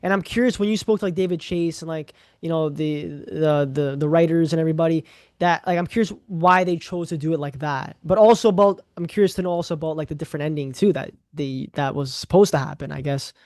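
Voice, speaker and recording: Guy host talking fast, lots of likes and restarts, dry close sound. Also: on the high side, darkish tone, no room sound. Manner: rambling, filler-heavy, repeats words. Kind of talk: casual interview questions.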